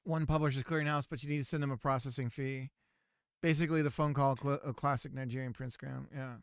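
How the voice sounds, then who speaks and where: A man's voice: mid-range voice, fairly even intonation, fast, clean tone, dry recording, clean studio sound. A man streaming game development, chatting casually in a sarcastic, rambling storytelling way. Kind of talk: casual live-stream chat.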